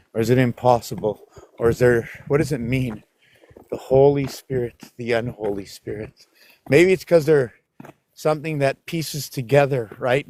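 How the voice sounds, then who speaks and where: A man's voice: medium pitch, darkish tone. A man vlogging outdoors while walking his dogs in a park, rambling and musing aloud and scolding the dogs in exasperation, recorded on a handheld camera.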